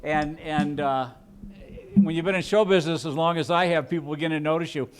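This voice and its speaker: A man's voice: a little high, fairly even intonation, fairly quick. A man doing a stand-up comedy set on a club stage, rambling and self-deprecating, with frequent restarts.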